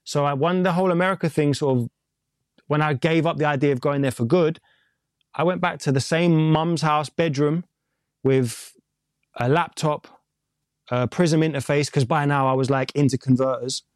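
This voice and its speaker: London guy, music engineer, rambling candid interview talk, bit of swearing, slightly high voice, dry close mic. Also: normal speed, no room sound. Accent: London English. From England. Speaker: music producer and mix engineer. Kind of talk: casual interview chat.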